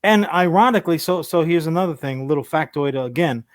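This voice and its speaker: A man's voice: on the high side, quick pace, dry recording, studio quality. A man co-hosting a podcast in casual chat, telling rambling, profane stories and mocking people in put-on voices. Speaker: podcast co-host.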